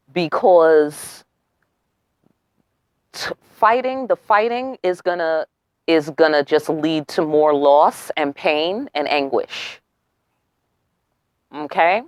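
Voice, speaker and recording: A woman's voice: fairly low pitch, lively intonation, slow, pauses often, no room sound, clean studio sound. Brash, profane woman tarot reader. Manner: brash and profane, full of rhetorical questions and "okay?". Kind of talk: casual tarot reading to camera.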